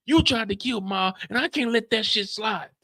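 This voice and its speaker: A high-strung young man with a whiny voice that jumps way up when he yells, as a man puts him on. The voice is bright and edgy, a bit gravelly, and dry and close. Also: normal speed, dry recording. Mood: heated. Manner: high-pitched and whiny, yelling.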